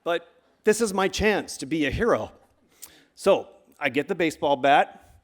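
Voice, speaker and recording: A middle-aged man telling a true story live on stage, acting out the coaches' shouts with lively energy. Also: fairly high pitch, measured pace. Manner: animated, acts out the shouts of coaches. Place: stage before a live audience.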